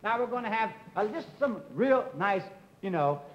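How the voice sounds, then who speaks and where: A man's voice: sits high, animated, normal speed, a little hiss or hum. A man playing a bossy, impatient dance teacher in a live 1950s TV comedy sketch, exasperated and often laughing. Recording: dull lo-fi 1950 TV audio with loud audience laughter.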